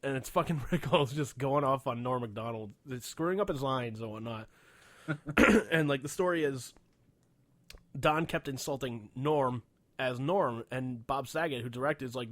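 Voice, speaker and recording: A man's voice: mid-range voice, normal speed, fairly bright tone, dry recording. A man co-hosting a podcast, telling long rambling stories in casual chat, swearing freely and filling gaps with "like" and "whatnot". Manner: rambling storyteller, swears a lot, many fillers. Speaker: podcast co-host.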